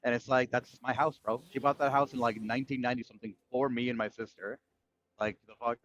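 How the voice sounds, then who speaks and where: A man's voice: mid-range voice, steady tone, fast talker, fairly bright tone, a little hiss or hum. A man streaming, telling a long story as a profane, ranting chat. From United States. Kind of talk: casual livestream chat. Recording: dull lo-fi mic.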